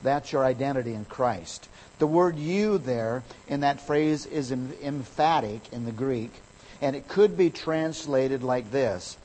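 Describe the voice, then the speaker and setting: Husky-voiced male preacher, emphatic. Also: mid-range voice, expressive, a little slow, rough recording. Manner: emphatic preaching, swelling louder on key words. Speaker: pastor. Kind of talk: sermon.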